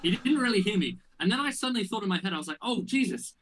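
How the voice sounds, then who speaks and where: A young man co-hosting a podcast, telling an anecdote in casual chat, animated and full of fillers. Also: sits high, racing, a little hiss or hum, rough recording. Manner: animated storytelling with many fillers. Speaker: podcast co-host.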